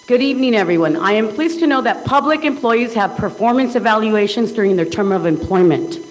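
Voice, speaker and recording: A woman giving a public comment at a school board meeting, earnest and emphatic, slowing down to stress key words at a podium microphone. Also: fairly high pitch, expressive, rough recording.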